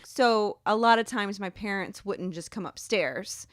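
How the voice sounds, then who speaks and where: A woman's voice: medium pitch, unhurried, no echo, clean studio sound. A woman from Alabama, co-hosting a podcast, telling a rambling story in casual chat and laughing often. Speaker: podcast co-host.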